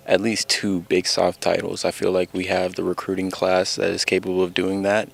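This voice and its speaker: A young man, a freshman soccer player, giving an earnest, steady interview answer. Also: low-pitched, vocal fry. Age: young adult.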